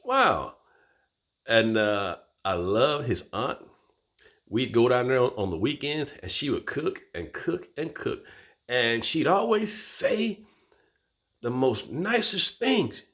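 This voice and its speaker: A man's voice: medium pitch, slow. A man, telling a personal story as host and acting out voices. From Florida, USA. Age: 50s. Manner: animated, acts out voices.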